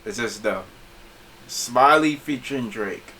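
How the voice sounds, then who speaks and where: A man's voice: medium pitch, slow, far from the mic, slight background noise. A man hosting a casual podcast, laughing often and stumbling over his words as he talks. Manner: laughs often, stammers and restarts, animated. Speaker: podcast host.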